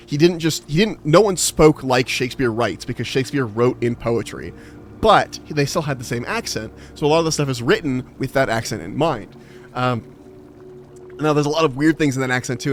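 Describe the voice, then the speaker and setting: Over slight background noise, a young man with a medium-pitched voice streams a game and chats casually. As a livestreamer, he rambles through his explanations, saying "like" constantly.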